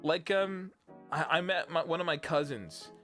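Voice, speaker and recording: A man's voice: fairly high pitch, a little slow, a bit bright, faint music behind. A young British man, a streamer, rambling through a casual chat and laughing often. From Britain.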